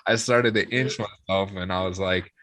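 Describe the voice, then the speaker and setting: A man's voice: sits low, moderate pace, slight background noise. A young man, a musician guest, casually telling a rowdy drinking story, swearing freely and acting out the people he quotes. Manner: swearing, lively retelling with quoted voices.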